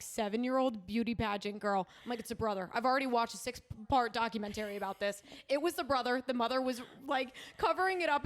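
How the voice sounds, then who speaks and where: A woman co-hosting a casual podcast, talking emphatically and getting worked up about her stories. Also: fairly high pitch. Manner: excitable and emphatic, gets worked up. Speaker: podcast co-host. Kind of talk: casual chat.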